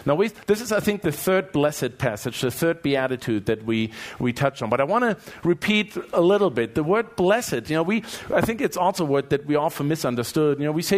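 A man with a German accent, preaching a sermon and asking the congregation lively rhetorical questions. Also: fairly high pitch, moderate pace. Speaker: pastor. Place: church.

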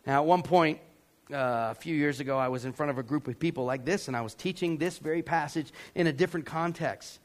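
A man preaching a sermon to a congregation, emphatic, with sudden shouted lines and casual asides. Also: on the high side, a little fast. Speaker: pastor.

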